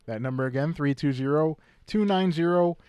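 A man's voice: on the high side, moderate pace, clean tone, no room sound, dull audio. A man co-hosting a local radio classifieds show, steadily reading listings and phone numbers while losing his voice. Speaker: radio co-host.

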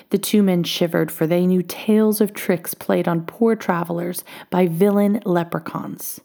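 A woman reading a children's storybook aloud, expressive and often dropping to a hush. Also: on the low side, a little slow, creaky, hardly any pauses.

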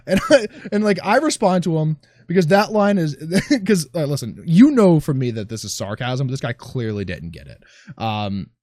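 Lively sarcastic man in casual chat. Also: on the high side, normal speed, dry recording, studio quality. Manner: sarcastic, swears, trails off mid-sentence.

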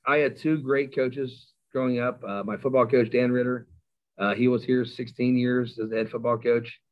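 A middle-aged man, a high school football coach, animatedly telling a self-mocking story in an interview. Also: level tone, moderate pace, lo-fi sound.

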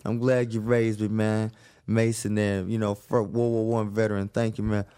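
Animated, joking male storyteller. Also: fairly low pitch, normal speed, clear, resonant tone. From Virginia, USA. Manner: animated, joking, lots of asides. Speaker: guest. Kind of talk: casual storytelling.

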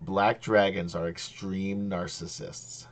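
Man, game master, tabletop game, low voice, slow unhurried pace, casual narration. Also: level tone, slight background noise.

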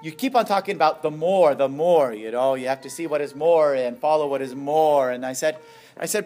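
A middle-aged man, a priest, giving a storytelling witness talk, animated and playful as he acts out what others said. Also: fairly quick, faint music behind. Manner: animated, acts out quoted voices with big pitch jumps.

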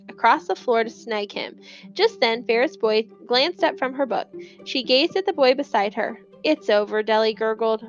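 A woman narrating a children's novel in a lively storytelling manner, putting on voices for the characters. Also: a little high, muffled recording. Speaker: audiobook narrator.

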